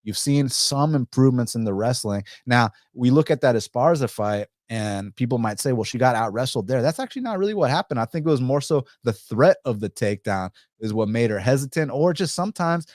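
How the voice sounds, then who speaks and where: A man's voice: medium pitch, lively intonation, a little fast, few pauses, darkish tone, no room sound, clean studio sound. A man hosting a casual fight-betting show, rambling and profane, with many restarts. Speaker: podcast host.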